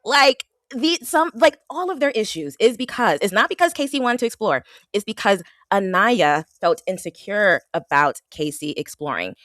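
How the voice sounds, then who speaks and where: A woman co-hosting a casual reality TV recap, getting worked up and animated, her pitch jumping when she is indignant. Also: normal speed, few pauses, dry recording, studio quality. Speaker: podcast co-host.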